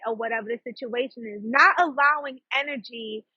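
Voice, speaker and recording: A woman, hosting her own podcast and telling a story in a fast, chatty way, with laughs and asides to her listeners. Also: fairly high pitch, bright, forceful tone, breathy edge, no room sound, highs cut off. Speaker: podcast host and psychic. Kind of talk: casual storytelling monologue.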